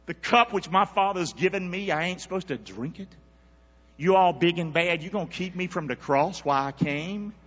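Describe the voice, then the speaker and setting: Brief: preacher doing Jesus, male, stern and slangy, high and lively, dull recording in a big echoing hall. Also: moderate pace. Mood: scolding. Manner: blunt, folksy street talk. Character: Jesus, a stern man scolding his friend.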